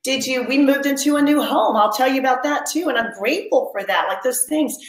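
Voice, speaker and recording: A woman's voice: sits high, fairly quick, reverberant, rough recording. A woman hosting a live coaching session for mothers, reading out viewer comments and leading them through a spoken pledge. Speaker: mom coach hosting a live online workshop. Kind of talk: live-streamed motivational coaching.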